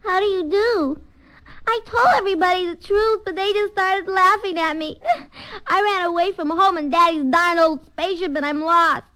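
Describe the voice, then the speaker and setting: A man voicing a lost childlike alien creature, in a comedy record sketch with a squeaky childish voice. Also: normal speed, bright, forceful tone. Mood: whiny.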